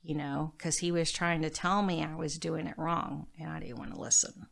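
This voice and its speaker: A middle-aged woman with a low voice and a gravelly, fry-laden texture speaks as a podcast guest. She tells her story candidly, often sinking into a soft near whisper. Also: level tone, normal speed.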